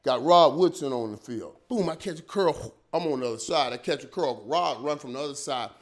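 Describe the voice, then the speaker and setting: Animated slangy man telling stories. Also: mid-range voice, fairly quick. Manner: animated, slangy, repeats words and acts out quotes. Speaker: guest. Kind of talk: casual storytelling.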